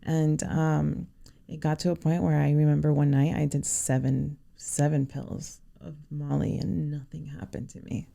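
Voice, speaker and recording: Woman guest on a podcast telling her story, super creaky low voice, kinda halting, lots of you knows. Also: little pitch movement, dark tone. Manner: sincere, halting, many "you know" fillers. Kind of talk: personal storytelling.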